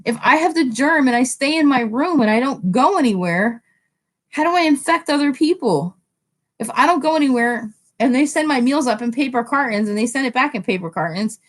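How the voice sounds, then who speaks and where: A chatty woman hosting a casual live stream, talking straight to viewers in the chat and often jumping up in pitch when excited.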